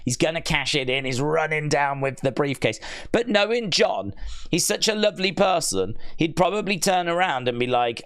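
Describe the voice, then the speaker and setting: A man's voice: lively intonation, moderate pace, fairly bright tone. Playful man teasing his chat. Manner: playful, teasing, jumps into high mock-outraged pitch. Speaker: live stream host reading chat. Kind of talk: casual watch-along chat.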